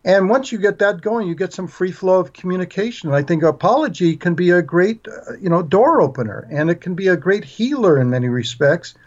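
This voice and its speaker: A man as a guest author on a parenting podcast, explaining in an earnest, steady way with small restarts. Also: sits high, fairly quick, hardly any pauses. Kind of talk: podcast interview. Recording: dull, muffled audio.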